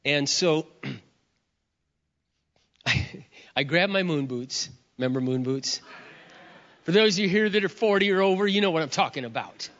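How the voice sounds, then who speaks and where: Animated preacher man in a reverberant hall. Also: normal speed, long pauses. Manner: expressive, animated storytelling, voice surging loud and dropping low. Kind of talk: sermon with personal story. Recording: dull sound, long reverb of a hall.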